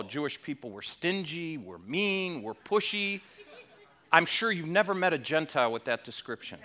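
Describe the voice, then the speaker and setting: A man's voice: high voice, bright, forceful tone. A man preaching a sermon at a conference, emphatic and conversational, with rhetorical questions and wry asides. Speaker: conference speaker.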